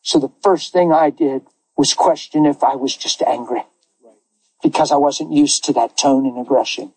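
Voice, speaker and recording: A man preaching as a pastor, telling a story with lively acted-out quotes and frequent laughter. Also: mid-range voice, moderate pace, slightly rough, no echo, low-quality recording. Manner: animated, laughs often, acts out quoted voices. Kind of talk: sermon storytelling.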